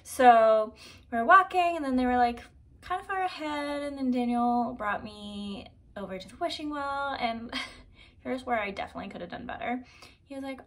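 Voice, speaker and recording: A young woman in her twenties telling a personal story to camera in a casual, chatty vlog, peppered with "like" and quick asides. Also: on the high side. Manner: chatty, animated, heavy use of "like". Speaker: vlogger.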